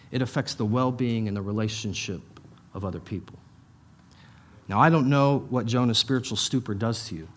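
A middle-aged male pastor with a mid-range, slightly bright voice delivers a conversational sermon. He repeats points emphatically and drops in casual asides.

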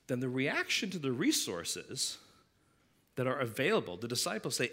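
A man preaching a sermon, animated, acting out the disciples' voices as he reads the passage. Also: medium pitch, normal speed. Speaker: pastor.

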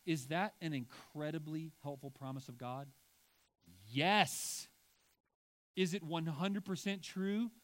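A man's voice: on the high side, slow. A middle-aged man preaching a sermon to a congregation, talking casually with frequent asides and rising to emphatic points. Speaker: pastor.

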